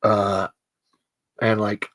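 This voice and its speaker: A trans podcast host chatting casually on a livestream and reading comments, speaking in a halting, personal and emotional way. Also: sits low, flat delivery, a bit bright, dry recording.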